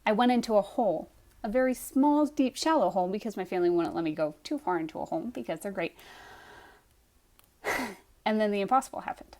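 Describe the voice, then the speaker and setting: A young woman telling a personal story in a casual, animated way, acting out her own reactions as she goes. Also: medium pitch, a little fast, pauses often.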